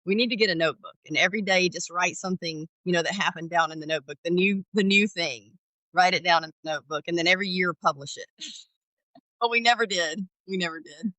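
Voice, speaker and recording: A woman's voice: lowish voice, fast, sharp tone, no room sound, poor audio. A middle-aged woman from Georgia, a former ER paramedic, telling candid stories in an interview and acting out dialogue with animation. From Georgia, USA. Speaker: podcast guest, former ER paramedic. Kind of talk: storytelling interview.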